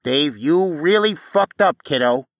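A man performs a foul-mouthed, paranoid inventor in a storybook reading, his voice pitched a little high and swinging wildly as he brags and rants. The sound is close and dry, with no room around it. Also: lively intonation, a little slow, dry recording. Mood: brash. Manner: profane, boastful, ranting. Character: crude paranoid middle-aged male inventor leaving a recorded message.

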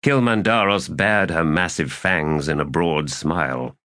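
A man narrating an audiobook in a slow, expressive reading. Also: sits low, no room sound, clean studio sound. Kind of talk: scripted narration.

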